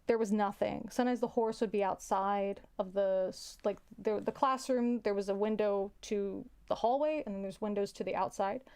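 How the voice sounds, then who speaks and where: Halting woman with a gravelly voice. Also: mid-range voice, fairly even intonation, darkish tone. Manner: halting, repeats words, sighs. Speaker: teacher. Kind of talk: casual storytelling.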